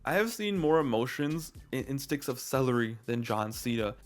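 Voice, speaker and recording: A man's voice: mid-range voice, expressive, normal speed. A man doing a comedic, sarcastic commentary rant, full of exaggerated jokes. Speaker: commentary video creator.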